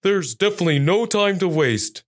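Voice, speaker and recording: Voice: mid-range voice, expressive, moderate pace, pitched above the performer's own voice, lightly acted. A storyteller voicing an eager male police dog, urgent and ready to follow the scent, in a children's story.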